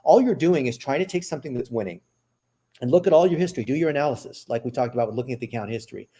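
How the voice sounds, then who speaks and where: A man as a podcast guest, explaining an ad strategy in casual interview talk, with quick asides and frequent "right?" checks. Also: mid-range voice, animated, dark tone, slightly rough. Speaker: podcast guest, marketing executive.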